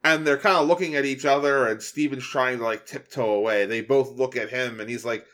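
A man's voice: medium pitch, brisk. A man co-hosting a casual chat, retelling cartoon scenes with laughs and little acted-out quotes. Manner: animated, laughing, acts out quotes. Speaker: podcast co-host.

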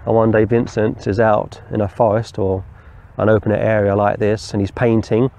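A male preacher teaches through a passage of scripture in a deliberate, explanatory way, drifting into anecdotes along the way. His voice sits low, with a dark, mellow tone and a gravelly fry. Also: level tone, dull audio. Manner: deliberate, explanatory, digresses into storytelling. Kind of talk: verse-by-verse Bible teaching.

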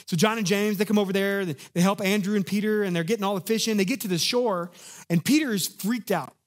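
A man preaching a sermon in an animated, conversational way, acting out the lines of the people in his story. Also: high voice, quick pace. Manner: animated, conversational, acts out quotes. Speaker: pastor.

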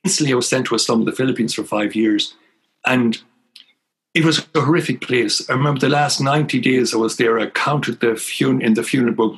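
Gravelly older Irish priest. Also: male voice, mid-range voice, poor audio. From Ireland. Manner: earnest, emphatic storyteller. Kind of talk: storytelling interview guest.

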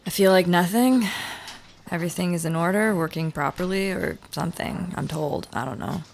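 An actress playing a blunt, rebellious young woman who rambles and swears in halting bursts. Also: lowish voice, creaky, a little mellow, a little hiss or hum. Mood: flat.

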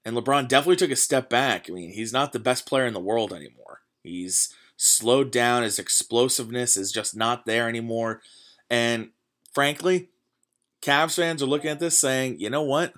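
Speaking at normal speed in a medium pitch with a fairly bright tone, this man runs his own podcast. Alone on the mic, he gets heated about sports, cursing frequently and leaning on fillers.

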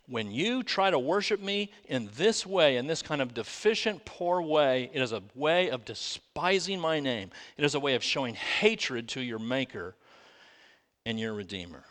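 Pastor, male, high-ish voice with wide pitch swings, rhetorical sermon delivery, recorded in a reverberant sanctuary. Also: a little slow. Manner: lively preaching with rhetorical questions. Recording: long reverb of a large room.

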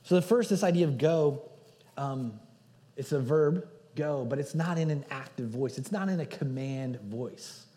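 A man preaching a sermon as pastor, earnest, moving between loud emphasis and hushed passages. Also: mid-range voice, a little slow. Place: church sanctuary. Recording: hall reverb.

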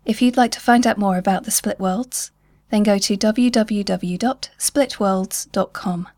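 A woman storyteller reading a short fantasy story aloud in a measured, gentle way. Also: mid-range voice, dry recording, clean studio sound. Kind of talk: scripted story narration.

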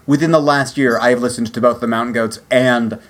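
A man co-hosting a casual podcast chat, animated and talkative with lots of fillers. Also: medium pitch, a little fast. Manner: animated, chatty, full of fillers. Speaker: podcast co-host.

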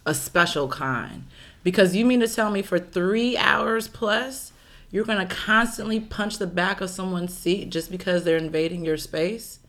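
A woman's voice: medium pitch, unhurried, a bit bright. A woman co-hosting a casual chat show, giving her opinions emphatically. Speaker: podcast co-host.

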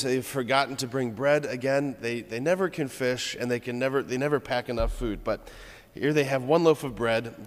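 Male preacher, casual reflective homily, middle pitch, long church reverb. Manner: conversational, reflective, with restarts.

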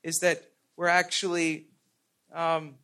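Middle-aged guy preaching, high voice, laughs and trips over his words a bit. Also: completely flat delivery, slow pace, pushed and bright. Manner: storytelling with self-deprecating laughs and repeated "and, and". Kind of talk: sermon.

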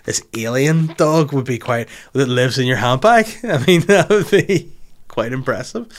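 A man's voice: mid-range voice, expressive, moderate pace. A young man with a Northern Irish accent, hosting a podcast and telling a rambling, crude story in casual chat. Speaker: podcast host.

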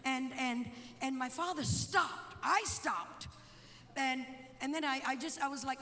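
Female preacher, very high voice, dramatic storyteller from hush to shout, long church reverb. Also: unhurried. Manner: dramatic, swings from hushed to shouting. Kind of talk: sermon with storytelling. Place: church sanctuary.

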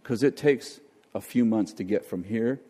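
A man preaching a sermon and leading prayer, animated, often acting out quoted voices. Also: lowish voice, moderate pace, slightly rough. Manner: animated, acts out quoted voices, jokes about accents. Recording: long hall reverb.

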